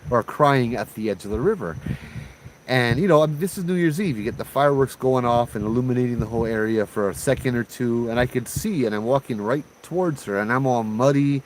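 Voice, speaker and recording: A man's voice: mid-range voice, darkish tone, slight background noise, poor audio. A man from Hawaii telling a ghost story in a laid-back, chatty way, using slang and laughing often.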